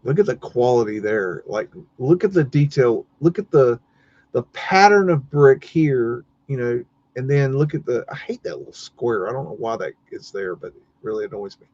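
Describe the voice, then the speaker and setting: A man's voice: mid-range voice, expressive, moderate pace, a little mellow, no room sound, dull audio. A man hosting a live stream, chatting casually and rambling as he looks at buildings, muttering and swearing now and then. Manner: rambling, muttering, mildly cursing. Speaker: livestream host.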